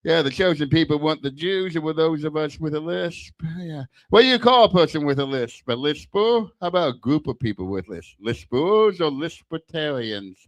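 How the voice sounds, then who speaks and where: A man's voice: fairly high pitch, animated, normal speed, hardly any pauses, no echo. An older man, doing a crude, self-deprecating stand-up set into a handheld mic at a small bar open mic. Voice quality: lisp. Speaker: stand-up comic. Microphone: handheld stage mic.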